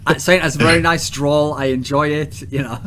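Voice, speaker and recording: A man's voice: on the high side, fairly even intonation, fairly quick, fairly bright tone, slight background noise. An English man hosting a casual podcast chat, blunt, provocative and crude in his questions. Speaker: podcast host.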